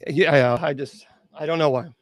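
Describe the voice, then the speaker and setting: A man, a bishop and exorcist, telling a spooky true story at an open mic, halting with restarts and incredulous asides. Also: a little high, steady tone, dry recording, studio quality. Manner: halting, with many restarts and fillers.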